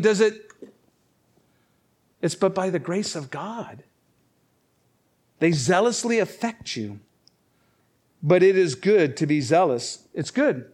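A man's voice: on the high side, a little mellow. A man preaching a conversational sermon, reading scripture aloud and asking rhetorical questions. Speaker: pastor.

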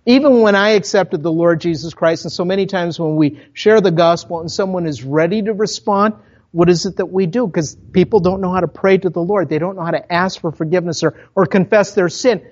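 A pastor from Minnesota with a Minnesotan accent, preaching a sermon in a conversational storytelling way, full of asides to the congregation. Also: male voice, sits high, fairly quick, darkish tone, muffled recording. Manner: conversational, with self-interrupting asides.

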